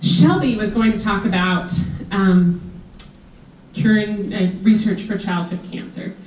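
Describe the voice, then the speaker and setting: A woman's voice: mid-range voice, fairly even intonation, a little slow, a little mellow. Woman in her thirties, emotional and rambling, roomy echo, distant mic. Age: 30s. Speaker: reunion organizer. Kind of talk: informal announcements to a crowd. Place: reunion hall with an audience. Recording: echoey hall from far off.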